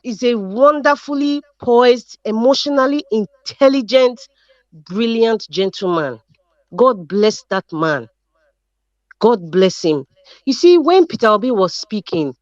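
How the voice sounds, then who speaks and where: A woman's voice: on the high side, a little mellow, dry recording, muffled recording. A Nigerian woman giving impassioned political commentary on a live stream, emphatic and repetitive, with many restarts and fillers. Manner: emphatic, repeats herself, frequent restarts and fillers. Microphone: video call.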